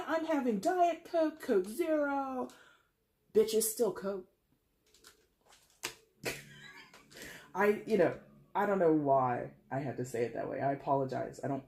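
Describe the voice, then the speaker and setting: Laughing a lot and cursing casually, a tarot reader talks through an informal reading in a forceful, straightforward style. Sudden jumps up in pitch mark the points they want to hammer home.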